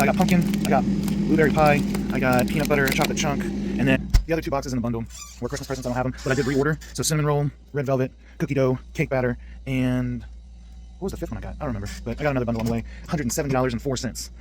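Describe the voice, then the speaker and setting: A man's voice: mid-range voice, steady tone. A young man chatting casually in a rambling vlog, talking about his food and his day. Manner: chatty, rambling, quick bursts. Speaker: vlogger. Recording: clear background noise.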